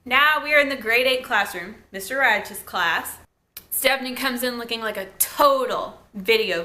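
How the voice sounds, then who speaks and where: Reviewing a TV episode, this woman keeps things casual and talkative, full of "like," side comments, and laughter. Her voice sits on the higher side and carries a sharp tone.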